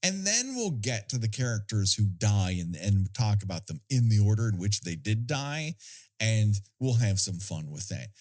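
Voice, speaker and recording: Lively low-voiced sardonic man. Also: moderate pace. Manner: profane, sardonic, lively storytelling. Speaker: podcast co-host. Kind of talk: casual podcast film discussion.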